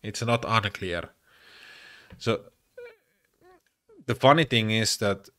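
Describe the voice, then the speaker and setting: Man, Finnish accent, lowish voice, halting casual monologue, dry close sound. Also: a bit bright, dry recording. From Finland. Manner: halting, many fillers and restarts. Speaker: podcaster.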